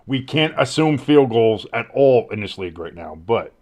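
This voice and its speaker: Male host calling football play-by-play, casual, excitable, rambling. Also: medium pitch, moderate pace. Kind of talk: live play-by-play commentary.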